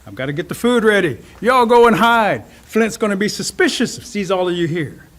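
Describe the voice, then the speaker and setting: Man voicing Rabbit, sly high trickster. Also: lively intonation, a little fast, a bit bright. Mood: scheming. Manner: coaxing, scheming.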